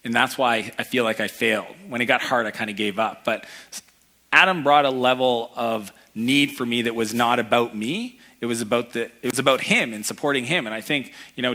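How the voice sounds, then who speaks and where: A man giving an energetic motivational talk to a live audience, telling personal stories and acting out the people in them. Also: medium pitch. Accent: Canadian. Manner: energetic storytelling, acts out voices in anecdotes. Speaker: keynote speaker. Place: event hall before a live audience.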